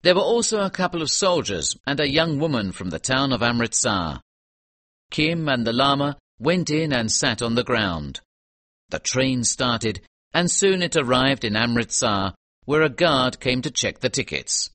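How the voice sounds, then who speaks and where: A man's voice: mid-range voice, sing-song, fairly bright tone, no room sound. Man reading a storybook aloud. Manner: clear, measured storytelling. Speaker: narrator. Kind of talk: scripted audiobook narration.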